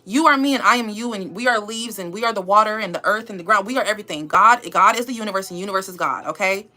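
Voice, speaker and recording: A woman's voice: mid-range voice, quick pace, pushed and bright. A woman YouTuber giving an emphatic, repetitive motivational pep talk to her viewers, calling them y'all and babe.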